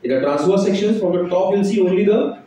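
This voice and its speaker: A man's voice: high-pitched, fast talker, warm tone, far from the mic. A male biology teacher with an Indian accent, lecturing a class and firing questions at the students. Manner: quizzes students, mixes English, Hindi and Marathi. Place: large echoey classroom. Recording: echoey room, voice off-mic.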